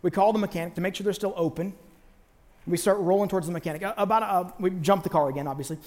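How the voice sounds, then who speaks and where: A man telling a long personal story in a sermon, animated, acting out the people he quotes. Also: sits high, fast, big-room sound.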